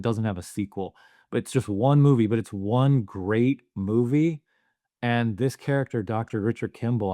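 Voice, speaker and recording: A man's voice: mid-range voice, darkish tone, no room sound, studio quality. A man co-hosting a movie podcast, talking earnestly and thinking aloud with plenty of fillers. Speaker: podcast co-host. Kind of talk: casual movie discussion.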